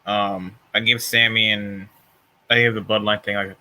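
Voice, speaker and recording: Tired, rambling young man, bright voice. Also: fairly low pitch, normal speed, low-quality recording. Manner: relaxed, rambling, many fillers and restarts. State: tired, yawning. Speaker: vlogger reviewing wrestling shows. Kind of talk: casual chat.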